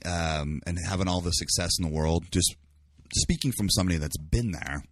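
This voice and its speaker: A man with a deep, husky voice talks earnestly in a casual interview. He rambles a little and searches for words. The sound is dry, with no room around it. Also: fairly quick, dry recording. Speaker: guest. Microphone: live stream by phone.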